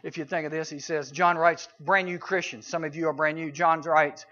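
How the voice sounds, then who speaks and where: Speaking to junior high students, a youth preacher gives a conversational sermon at a moderate pace, pausing rarely and keeping a steady tone while his volume swings from loud to hushed. The sound is dull and lo-fi.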